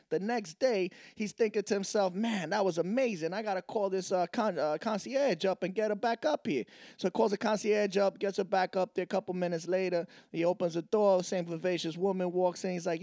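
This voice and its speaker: A man co-hosting a podcast, telling a long dirty joke in an animated way and acting out every character in a raised voice. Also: high voice, fairly quick, dry recording, clean studio sound. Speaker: podcast co-host.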